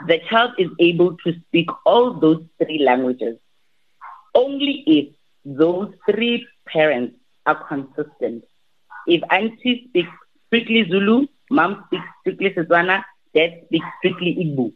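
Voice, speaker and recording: A woman, a language teacher, giving advice in an interview, animated and often restarting her sentences. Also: fairly low pitch, unhurried. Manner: animated, repeats and restarts, acts out quotes. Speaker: language academy teacher, guest. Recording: tinny phone-like line.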